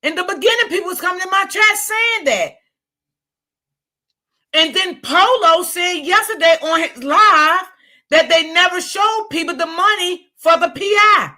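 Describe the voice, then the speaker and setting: A woman hosts a casual live commentary stream. Her voice sits high and sounds bright and sharp. She gives her opinions bluntly and answers her chat as she goes. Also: animated, unhurried. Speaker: commentary livestream host.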